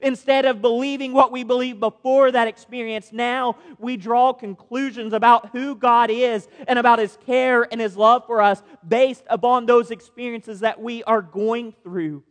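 A man's voice: very high-pitched, fairly even intonation, moderate pace, hardly any pauses. A man preaching a sermon as a pastor, earnest and posing rhetorical questions to his listeners. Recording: long reverb of a large hall.

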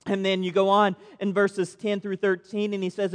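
A man's voice: sits high, monotone, normal speed, hardly any pauses. A man preaching a sermon as a pastor, earnest and posing rhetorical questions to his listeners. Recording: long reverb of a large hall.

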